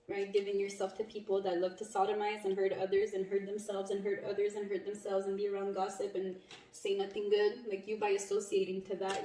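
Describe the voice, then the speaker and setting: A woman's voice: medium pitch, darkish tone. A woman giving a casual, blunt tarot reading, swearing freely and laughing often. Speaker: tarot reader. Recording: echoey room, mic at a distance, faint noise.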